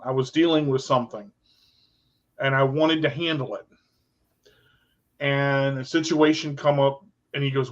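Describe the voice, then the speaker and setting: A man's voice: mid-range voice, fairly even intonation, unhurried, pauses often. A middle-aged man, a radio host, telling a personal story in casual talk. He is emotional and repeats himself, often restarting his sentences. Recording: dull lo-fi sound.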